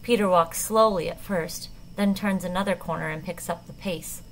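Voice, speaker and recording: A woman narrating a novel in the first person, measured and tense. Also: lowish voice, slight background noise, rough recording. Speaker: audiobook narrator.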